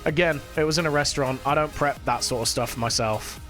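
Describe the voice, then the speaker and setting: A man's voice: on the high side, fairly quick, fairly bright tone. A man chatting casually with his live-stream chat while he plays, swearing now and then. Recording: faint music behind.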